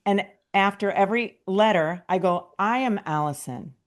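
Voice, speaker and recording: A woman from New York hosting a podcast, speaking earnestly in casual conversation and softly reciting self-affirmations. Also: medium pitch, moderate pace. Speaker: podcast host.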